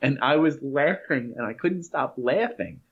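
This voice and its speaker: A man's voice: medium pitch, expressive, unhurried, breathy edge. Man, 30s, podcast co-host, laughs through anecdotes, muffled lo-fi sound. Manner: laughs while telling stories. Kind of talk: casual chat. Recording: dull lo-fi sound.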